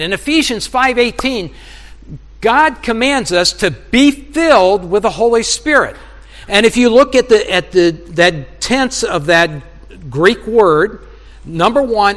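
A man's voice: sits high, fairly bright tone, in a large hall. A middle-aged male preacher giving an earnest sermon, often acting out his own prayers and conversations with God. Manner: earnest, acts out dialogues with God.

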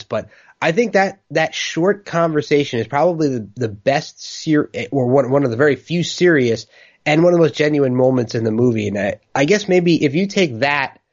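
A man with a mid-range, expressive voice co-hosts a podcast, chatting casually and with enthusiasm about a movie. He speaks at a normal speed, and the sound is lo-fi.

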